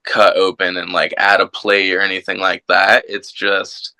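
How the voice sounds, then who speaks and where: Young man, low and gravelly with a bright edge, easygoing filler-heavy chat. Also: monotone, moderate pace, no room sound, low-quality recording. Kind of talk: casual chat.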